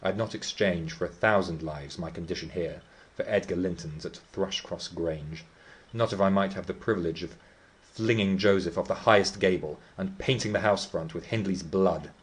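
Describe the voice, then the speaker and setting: A man's voice: deep voice, normal speed, natural voice. A man reading the part of Heathcliff, a brooding, defiant teenage boy, telling his tale with scorn and vehemence. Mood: scornful.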